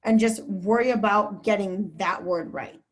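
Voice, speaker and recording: Speaking at a measured pace in a mid-range voice, a woman who reports TV news guests on a video call. She offers students casual, candid advice, with plenty of fillers.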